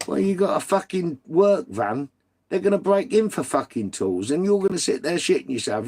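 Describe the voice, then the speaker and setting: Man, British accent, gravelly dark voice, sweary and blunt, casual live-stream chat. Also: medium pitch, animated, brisk, slight background noise. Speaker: livestream host reading viewer comments.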